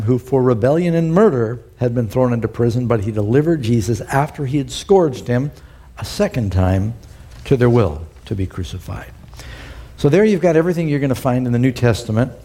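A middle-aged man preaching a sermon, reading scripture aloud and commenting on it, lifting his voice to act out the quoted speech. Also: warm tone. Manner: acts out the quoted lines with rising pitch and emphasis.

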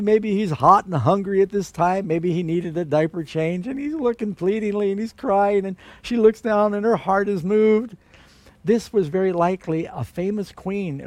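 A man preaching a sermon, telling a Bible story in an animated way with strong rises for emphasis. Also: sits high, no echo.

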